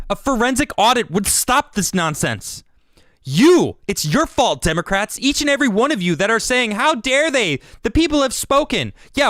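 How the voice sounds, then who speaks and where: Heated political commentary comes from an American livestream host with a high, fairly bright voice. The studio-quality recording has no echo, and he stammers, repeats himself, and restarts his words.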